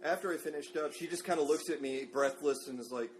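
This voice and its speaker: A podcast co-host with a voice on the high side talks fast in a casual chat, telling stories and laughing through them. A humming noise runs in the background.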